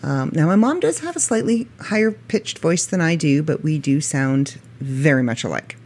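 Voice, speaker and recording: A middle-aged woman with a low voice, hosting a podcast in a chatty, self-mocking way and laughing often. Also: lively intonation, normal speed, a little mellow, slight background noise. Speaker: podcast host. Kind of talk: casual podcast monologue.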